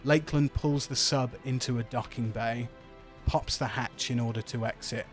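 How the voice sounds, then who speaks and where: A man's voice: medium pitch, steady tone, normal speed, soft background music. A man narrating scenery as game master of a tabletop game, laid-back and chatty.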